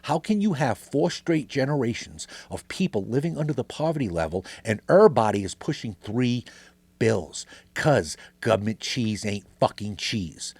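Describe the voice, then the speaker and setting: A man's voice: medium pitch, sing-song, moderate pace, darkish tone, slightly rough, no echo. A middle-aged man hosting a podcast, delivering an angry, sarcastic, swearing political rant. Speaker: podcast host.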